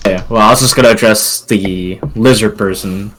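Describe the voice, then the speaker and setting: A man's voice: fairly low pitch, normal speed, a bit bright. A man playing a tabletop game, chatty and hesitant, laughing often. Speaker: player. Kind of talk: casual tabletop play.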